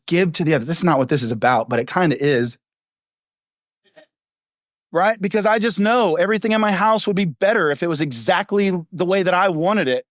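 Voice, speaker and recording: A middle-aged male pastor preaching a sermon in a punchy, conversational way, full of rhetorical questions and quick asides. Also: high-pitched, no echo, studio quality. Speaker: lead pastor.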